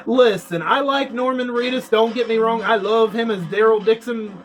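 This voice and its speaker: A man's voice: very high-pitched, a little slow, rough recording. A man giving casual, profane gameplay commentary, ranting about games as a YouTuber. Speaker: gaming YouTuber.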